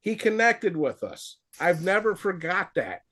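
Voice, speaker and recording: A man with a high, light speaking voice swaps stories and tips about pro wrestling. He talks in a lively, easygoing way and raises his voice when he acts out what someone else said. It sounds like a relaxed chat with a seasoned trainer. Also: a little slow, slight background noise. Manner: animated storyteller, acts out quotes in a raised voice. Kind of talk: casual storytelling advice.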